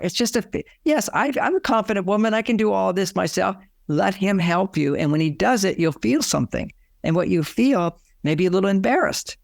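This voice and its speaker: Gravelly older man giving advice. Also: sits high, animated, fairly quick, no room sound, clean studio sound. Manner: explanatory, acts out quoted lines. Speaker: relationship author. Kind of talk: advice interview.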